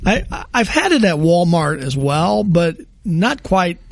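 A man co-hosting a podcast in casual chat, fighting a cold and clearing his throat, griping in a rambling, self-correcting way. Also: high-pitched, sing-song, unhurried, no room sound. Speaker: podcast co-host.

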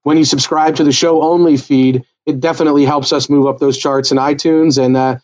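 A man's voice: fairly high pitch, fairly even intonation, a little fast, darkish tone, highs cut off. A man co-hosting a casual TV recap podcast, talking things through in a thoughtful, analytical way. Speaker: podcast co-host.

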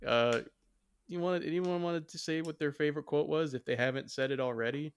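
A man's voice: a little high, a little fast, clean tone. A man on a casual movie-review podcast who recounts favorite scenes in a rambling, hesitant way. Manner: rambling, hesitant storytelling with many "uh"s. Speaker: podcast co-host.

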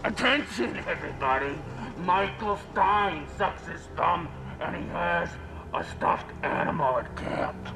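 A man's voice: sits high, animated, measured pace, vocal fry, heavily acted. An actor playing a sinister male plumber who taunts a boy in a TV drama, with music behind him. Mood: mocking. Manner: mocking, teasing, sinister. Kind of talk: TV drama acting.

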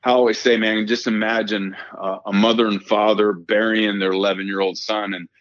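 A man's voice: fairly low pitch, flat delivery, brisk, a bit bright, no echo. Earnest middle-aged man, muffled dry audio. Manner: earnest and emphatic, repeats phrases, says "man" often. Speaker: guest, performance coach and former pitcher. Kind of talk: personal storytelling in a podcast interview.

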